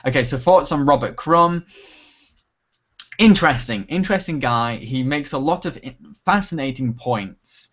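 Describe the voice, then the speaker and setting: A man hosting a laid-back livestream Q&A, with a voice of middling pitch. He is chatty and laughs a lot, often trailing off mid-thought. The audio is dull and lo-fi. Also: expressive, normal speed, a bit bright. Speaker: host and internet reviewer. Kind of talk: casual livestream Q&A chat.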